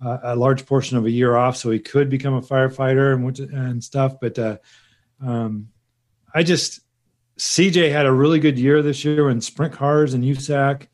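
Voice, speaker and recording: Brief: male co-host, casual, hesitant delivery, mid pitch. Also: steady tone, moderate pace. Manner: hesitant, many restarts and fillers. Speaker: podcast co-host. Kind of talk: casual chat.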